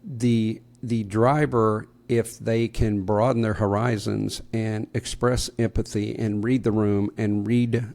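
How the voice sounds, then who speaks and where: A man's voice: on the low side, level tone, slow pace, vocal fry, few pauses, a little mellow. A middle-aged man co-hosting a podcast, telling stories in a sarcastic, casual way. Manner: sarcastic, storytelling. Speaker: podcast co-host. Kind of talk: casual conversation.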